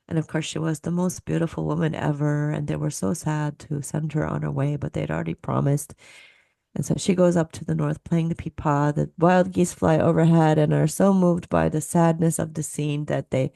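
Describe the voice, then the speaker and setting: A woman's voice: sits low, vocal fry, warm tone, no room sound, clean studio sound. A woman who teaches musicology, giving a lecture over a video call. She explains patiently, counts beats aloud and laughs at her own slips. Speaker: musicology professor presenting.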